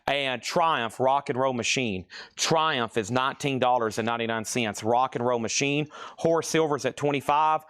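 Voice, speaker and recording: Male auction host, mid pitch, dry close sound, quick price-calling patter. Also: a bit bright, smooth, dry recording. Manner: rattles off titles and prices, calls bids going once, going twice. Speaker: live sale host. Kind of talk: live-stream record auction patter. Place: record shop.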